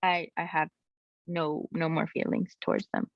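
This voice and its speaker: A young adult woman telling a personal story as a guest, in a candid and animated way with many casual fillers. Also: low-pitched, normal speed, vocal fry, no echo. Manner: animated, frequent "like" and "you know" fillers. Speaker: guest sharing her story. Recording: slightly muffled, dry recording.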